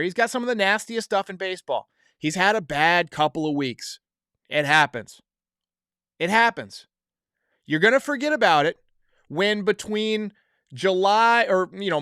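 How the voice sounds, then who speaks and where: High, smooth-voiced male podcast host. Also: a bit bright, no echo, studio quality. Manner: chatty, reads viewer comments aloud. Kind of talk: casual live-stream talk.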